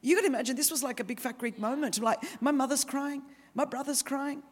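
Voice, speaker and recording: An Australian woman in her fifties preaching a sermon, telling her own story with lively humorous asides. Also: sits high, a little fast. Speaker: guest preacher. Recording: reverberant hall.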